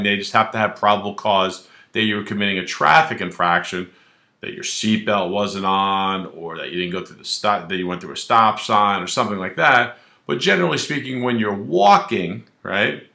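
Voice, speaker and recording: A man's voice: mid-range voice, creaky, bright, forceful tone, reverberant. A male attorney explaining the law in a casual, colloquial way, acting out little scenes as he goes. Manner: colloquial and wisecracking, acts out quoted dialogue. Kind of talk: legal explainer video, casual direct-to-camera talk.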